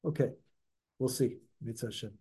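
A man's voice: medium pitch, normal speed, warm tone. A man teaching a Torah class to a small group, talking conversationally, correcting himself mid-sentence and putting questions to his listeners. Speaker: religious teacher.

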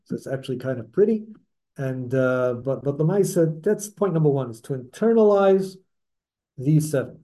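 A man's voice: mid-range voice, animated, moderate pace, dark tone. A man teaching a Torah class to a small group, talking conversationally, correcting himself mid-sentence and putting questions to his listeners. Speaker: religious teacher.

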